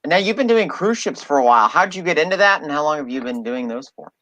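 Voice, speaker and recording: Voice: mid-range voice, lively intonation, fast talker, a bit bright, a little hiss or hum, poor audio. An interviewer host who encourages the guest and asks questions in casual chat.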